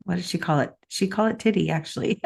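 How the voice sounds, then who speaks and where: A woman's voice: lowish voice, fast talker, gravelly, a little mellow. A middle-aged woman co-hosting a talk show, telling a personal story in a heartfelt, chatty way. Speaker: podcast co-host. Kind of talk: casual chat.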